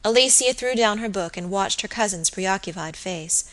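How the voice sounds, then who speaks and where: A woman narrates a classic novel as an audiobook reader. Her delivery is steady and even, with a bright, clear tone. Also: mid-range voice, normal speed, poor audio. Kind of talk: scripted narration.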